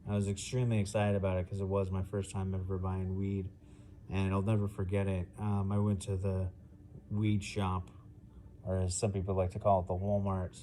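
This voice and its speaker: A young man doing a halting, deadpan stand-up set over a video call, full of fillers. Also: low-pitched, a little hiss or hum. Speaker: stand-up comedian.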